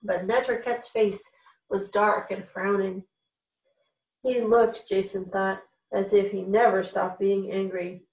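A woman reading a chapter book aloud to children in a steady storytelling way. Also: medium pitch, a little slow, gravelly, far from the mic. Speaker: reader for a children's program. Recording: echoey room, voice off-mic.

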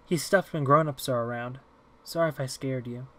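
Guy putting on a shy hushed little kid girl, soft and timid, audiobook. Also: mid-range voice, normal speed, natural voice. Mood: quiet. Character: timid eight-year-old girl, soft-spoken.

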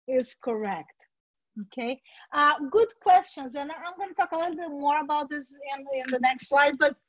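A high-pitched woman gives a workshop talk over a video call. She speaks in a direct, coaching tone, and her voice comes through dry and slightly dull. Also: no echo. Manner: direct, coaching tone, acts out sample interviews. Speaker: workshop presenter. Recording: dry, dull webinar audio.

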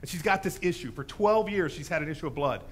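A man preaching a sermon in a church, telling a story with lively animation and acting out the voices in it. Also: on the high side, fast talker, husky. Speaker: pastor.

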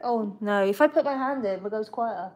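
A woman's voice: medium pitch, brisk, a little mellow. A young woman hosting a casual livestream about her pet bird, chatting and giggling as she talks to the bird and the viewers. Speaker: pet bird channel host.

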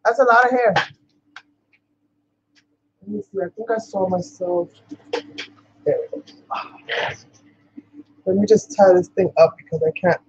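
A woman's voice: medium pitch, a little slow, pauses often, husky, muffled recording. Chatty New woman crafting vlogger. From New York. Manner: chatty, laughs often, talks to viewers as "you guys". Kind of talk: casual chat while crafting.

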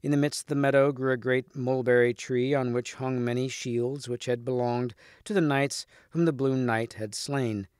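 A man, a teacher, reading a storybook chapter aloud at a clear, steady pace. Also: mid-range voice, normal speed, few pauses, no echo, studio quality.

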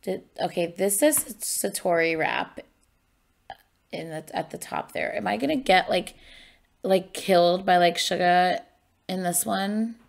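A woman hosting a casual music reaction video, chatting excitedly to herself like an eager fan. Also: fairly low pitch, a little slow, vocal fry. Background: faint music from the song being reacted to.

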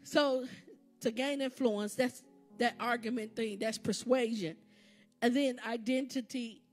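A woman's voice: on the high side, steady tone, unhurried. A woman preacher delivering a sermon in a church, building to fervent exhortation with repeated phrases. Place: church sanctuary. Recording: live church service with background music. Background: instrumental music playing under the sermon.

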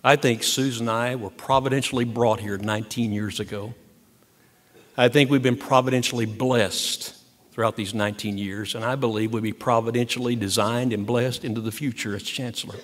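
A man's voice: mid-range voice, steady tone, fairly quick. An older man, a university president, giving an earnest, emphatic ceremonial speech at a podium and repeating key words for weight. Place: large hall. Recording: long hall reverb.

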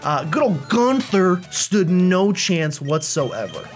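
Man, let's play host, casual gameplay commentary, chatty and jokey, animated pitch, faint game music behind. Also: slow pace. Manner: chatty, jokey, rambling with fillers.

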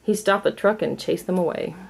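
A woman reading a children's storybook aloud in a clear, measured storytelling manner. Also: on the low side. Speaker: storybook reader. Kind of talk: storybook read-aloud for kids.

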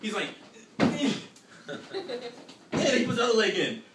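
A young man doing a live stand-up routine, telling animated stories and shouting his punchlines. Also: sits high, unhurried. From New York. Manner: animated storytelling with shouted punchlines and frequent "you know what I'm saying". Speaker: stand-up comedian. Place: small live venue. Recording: roomy, distant, noisy live recording.

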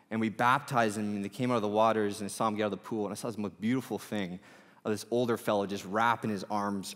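Man, thirties, pastor, casual animated sermon, mid-pitched voice, echoing church hall. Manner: casual, animated preaching with many fillers. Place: church auditorium.

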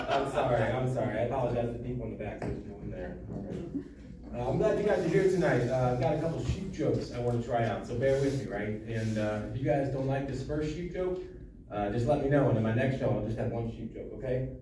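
A man in his thirties performs a stand-up set on a comedy club stage, wry and self-deprecating, muttering asides under his breath. His voice sits at a medium pitch and moves fairly quickly. The recording is echoey and distant, with audience laughter filling the noisy background.

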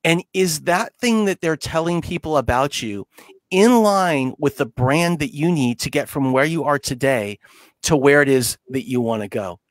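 A man's voice: on the high side, expressive, normal speed, no room sound. Man hosting an interview, dry sound. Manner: reflective, asks the audience questions. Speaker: host.

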